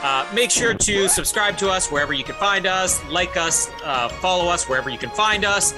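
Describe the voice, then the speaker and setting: A man's voice: sits high, lively intonation, normal speed, music in the background. A man hosting a podcast, upbeat and teasing, often laughing in casual chat. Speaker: podcast host.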